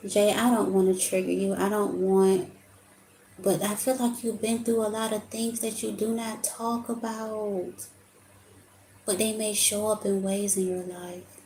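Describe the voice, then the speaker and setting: A woman's voice: mid-range voice, little pitch movement, measured pace, dark tone, slight background noise. A young adult woman giving an emotional, casual tarot reading, talking to her viewers as y'all. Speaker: tarot reader. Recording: echoey room with faint ambience.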